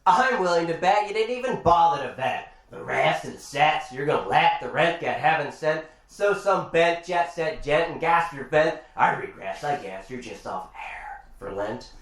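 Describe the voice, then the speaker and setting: A man from Ireland performing spoken-word poetry and deadpan jokes at a live bar gig, with rapid rhyming delivery. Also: on the high side, far from the mic. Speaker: poet and comedian. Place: bar function room. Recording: echoey live room.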